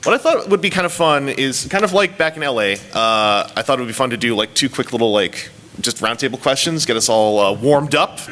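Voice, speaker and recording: A man's voice: mid-range voice, lively intonation, brisk, fairly bright tone, slight background noise. A man moderating a convention panel, talking in a rambling, playful way. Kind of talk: casual panel talk.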